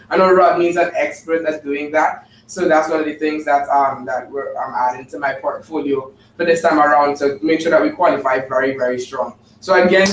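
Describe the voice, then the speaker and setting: The recording catches a fairly high-pitched man from far away, with slight background noise, echoey room sound, and light ambience. He's a team member delivering an upbeat, chatty, filler-heavy report at a group meeting.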